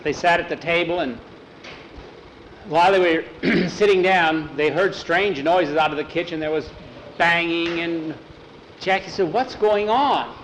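Folksy male storyteller, somewhat high voice. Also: steady tone, measured pace, a bit bright, a little hiss or hum, rough recording. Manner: folksy, repeats "he says" between quotes. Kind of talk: oral storytelling.

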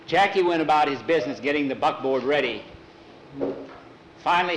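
A man's voice: fairly high pitch, moderate pace, pauses often, roomy sound, slight background noise, poor audio. A man narrating a folk tale aloud in a conversational way, often repeating "he said" and doing the characters' voices. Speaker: storyteller.

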